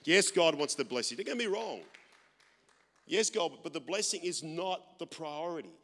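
Male pastor, high-pitched and loud, storytelling sermon, long hall reverb. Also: moderate pace. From Australia. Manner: loud, animated, self-deprecating humor.

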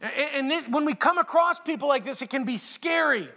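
A male pastor preaching a sermon in a conversational way that builds to emphatic shouts, in a large hall. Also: extremely high pitch, expressive, a little fast. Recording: echoey hall with long reverb.

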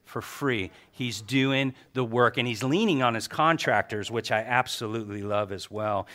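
A middle-aged man preaching to his church, a pastor telling stories in an animated way and quoting people in his own voice. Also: mid-range voice, normal speed. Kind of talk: sermon.

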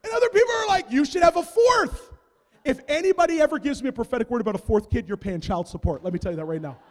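High-voiced, animated preacher in a hall. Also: male voice, rapid-fire. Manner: animated comic storytelling, big swings in loudness. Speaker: pastor. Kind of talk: sermon. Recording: long reverb of a large hall.

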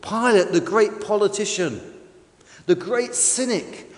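Preaching slowly in a high voice, a man shifts his emphasis up and down with each line, giving an emphatic, varied delivery. Long reverb surrounds him, as if in a large hall or church.

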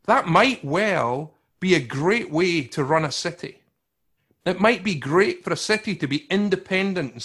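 A man preaching with a slightly raised pitch, loud and emphatic one moment and hushed and slow the next. He talks to his congregation conversationally and often repeats or restarts his words. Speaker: pastor. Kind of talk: sermon.

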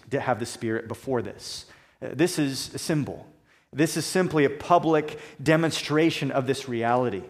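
A man preaching a sermon, measured and conversational, slowing down and dropping soft for emphasis, with homely illustrations. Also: mid-range voice. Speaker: pastor.

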